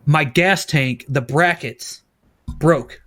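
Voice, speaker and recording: A man's voice: fairly high pitch, slow pace. A man hosting a podcast, telling a story casually with constant swearing and laughter. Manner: profane, laughing, animated storyteller. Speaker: podcast host.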